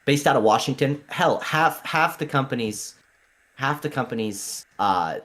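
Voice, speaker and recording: A young man in a relaxed chat, with an ordinary mid-range pitch. He explains things with enthusiasm and detail, and he laughs easily as he goes. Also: measured pace. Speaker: guest friend. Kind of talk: casual chat.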